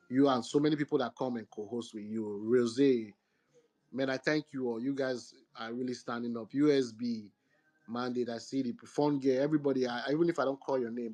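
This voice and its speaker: A man's voice: medium pitch, darkish tone. A man speaking in a casual online talk, earnest and rambling with hesitant fillers. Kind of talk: casual chat.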